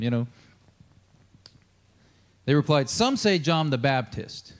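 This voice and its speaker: A man's voice: a little high, big pitch swings, moderate pace, long pauses. An American man preaching a sermon as a pastor, in a casual, conversational style full of fillers, often acting out the dialogue of Bible figures.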